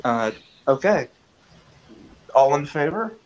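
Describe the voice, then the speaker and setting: A man's voice: a little high, very animated, slow pace. Informal man chairing an online meeting. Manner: informal, rambling.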